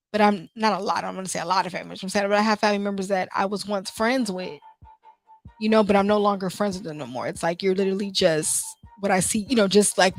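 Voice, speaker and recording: A young woman hosting a laid-back motivational show speaks from the heart, often restarting and saying "you know." Her voice is mid-range, the recording is dry, and soft music plays faintly underneath.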